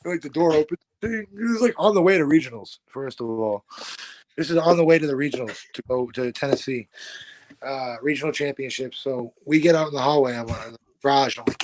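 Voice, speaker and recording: An animated young man tells a wild story in casual, profane speech and jumps into the voices of everyone involved. His voice sits at an ordinary middle pitch, and the recording is dry and close. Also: brisk, no echo. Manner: animated, swearing, acts out quoted voices. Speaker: guest fighter.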